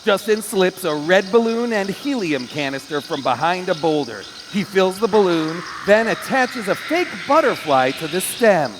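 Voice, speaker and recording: A man narrating the stage directions at a live staged reading on a theater stage, lively and playful. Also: high-pitched, moderate pace, hardly any pauses, background noise.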